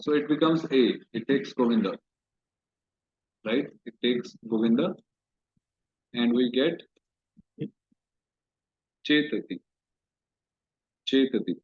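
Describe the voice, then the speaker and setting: Brief: man, mid-pitched teacher voice, patient lecture pace, dull lo-fi class recording. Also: unhurried, long pauses, a little mellow. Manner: patient step-by-step explaining, repeats terms. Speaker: Sanskrit grammar teacher.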